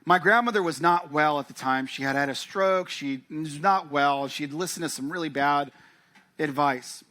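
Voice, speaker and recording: A man's voice: on the high side, moderate pace, bright, forceful tone. A man preaching a sermon, telling a personal story and acting out family dialogue. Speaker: pastor. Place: church.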